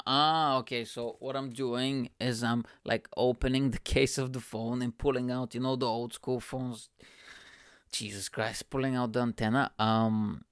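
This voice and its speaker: A man reads his old comedy set aloud in a self-mocking, profane way, his voice gravelly with fry yet smooth and resonant. The recording is dry and close, with no room sound around him. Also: no room sound. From Bulgaria. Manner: self-mocking, swearing, slips into high-pitched voices for quoted people. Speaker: podcast host. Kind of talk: reading a stand-up set aloud.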